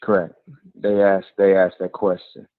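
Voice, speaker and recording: A man's voice: sits low, completely flat delivery, measured pace, no room sound. A man speaking as a panelist on a call-in talk show, hesitant and using many fillers. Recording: tinny phone line.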